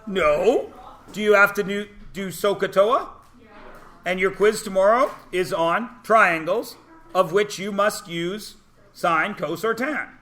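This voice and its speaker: A man teaching a math class, lecturing in a brisk, teasing way and peppering students with rhetorical questions. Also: high-pitched, sharp tone. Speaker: high school math teacher.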